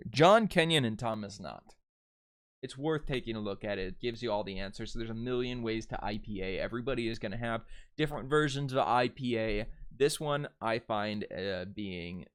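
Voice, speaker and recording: A young man giving a casual video lesson on phonetics and dialects, relaxed and chatty, with fillers and restarts. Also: on the low side, clean tone. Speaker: dialect coach.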